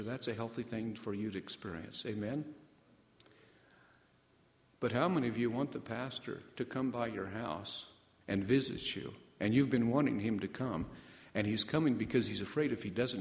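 A male pastor preaching a sermon, stopping often to put questions to the congregation and slowing down to stress key words. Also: medium pitch. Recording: echoey hall, voice from off mic.

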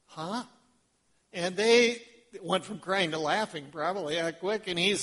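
A man preaching from the pulpit in a fairly high voice, unhurried and deliberate. He tells the story with animation, acting out the voices in it and throwing questions to the congregation. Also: fairly bright tone. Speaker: pastor. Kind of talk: sermon.

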